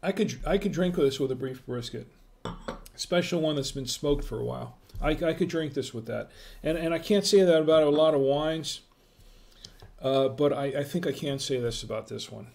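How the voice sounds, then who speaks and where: A man's voice: fairly high pitch, normal speed, gravelly, a little mellow. A middle-aged man hosting a casual live-stream wine tasting, chatting with viewers in the chat and greeting them by name.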